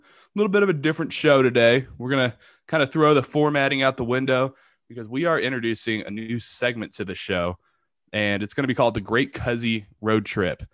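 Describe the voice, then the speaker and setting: Male podcast host, excitable and rambling, mid voice, dry recording. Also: medium pitch, no echo. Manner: rambling, excitable, many fillers. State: just woken up early. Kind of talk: casual chat.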